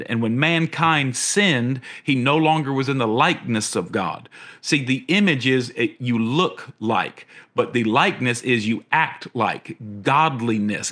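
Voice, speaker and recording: A middle-aged pastor delivers a sermon in earnest, his tone bright and forceful. He tends to repeat his words, and his pitch climbs whenever he poses a question.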